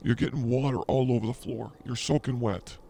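A man's voice: medium pitch, fairly even intonation, a little fast, gravelly, dark tone. A man co-hosting a comedy podcast with boastful, mock-arrogant teasing banter. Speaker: podcast co-host.

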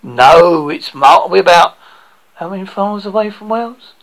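A man's voice: high voice, expressive, normal speed, a crowd in the background, low-quality recording. A man from England with a Devon accent, hosting a radio show and chatting with a guest in a joking, storytelling way. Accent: Devon English. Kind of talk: casual interview chat.

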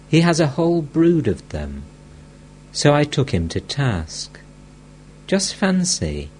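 A man's voice: medium pitch, a little mellow, slight background noise. A man reading the part of an elderly mystic teacher who scolds bluntly and speaks with affection.

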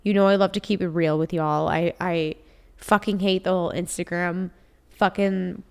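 A woman's voice: on the low side, fairly even intonation, moderate pace, creaky, clear, resonant tone. A young woman hosts her own podcast alone and talks straight to her listeners. She is blunt and confiding, often emotional, and swears freely as she speaks. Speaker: podcast host. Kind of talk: candid solo podcast monologue.

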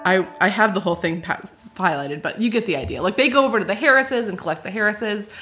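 A woman's voice: mid-range voice, quick pace, pushed and bright, faint music behind. A woman co-hosting a casual book podcast, who talks in a chatty, wry way and reads passages aloud. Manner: chatty and wry, with frequent laughs. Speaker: podcast co-host.

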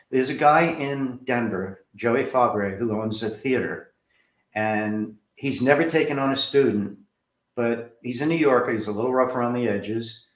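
Male guest, from New Jersey, lively storyteller, mid pitch, roomy echoey sound. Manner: animated storyteller who acts out quoted voices. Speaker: author and film director, guest. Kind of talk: storytelling interview.

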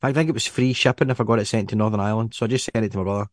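A man's voice: lowish voice, rapid-fire, no room sound, clean studio sound. A man with a Scottish accent co-hosting a podcast, chatting casually and rambling with many restarts. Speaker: podcast co-host. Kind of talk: casual chat.

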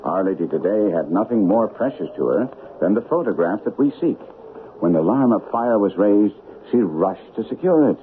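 An actor voicing a shrewd, composed detective with a very deep voice that rises and falls expressively. He talks in a measured, dry way, reasoning aloud. It sounds like a scratchy, thin old radio broadcast with a faint hiss. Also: animated, phone-quality sound, natural voice. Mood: reflective. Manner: measured, thoughtful, dry wit. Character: shrewd, composed male detective, calm and deliberate. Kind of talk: 1940s radio acting.

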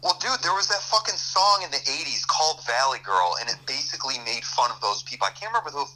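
Lively, very bright man saying dude. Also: mid-range voice, quick pace, poor audio. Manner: laughs often, swears, says dude. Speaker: podcast co-host. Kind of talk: casual chat.

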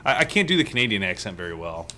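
A man's voice: sits low, very animated, racing, sharp tone, slight background noise. A man hosting a casual live-stream chat, telling stories animatedly and laughing often. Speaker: host.

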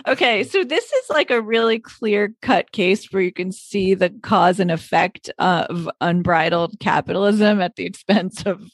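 A co-host of a casual chat show, reacting with quick, incredulous remarks. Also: mid-range voice, no room sound. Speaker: podcast co-host.

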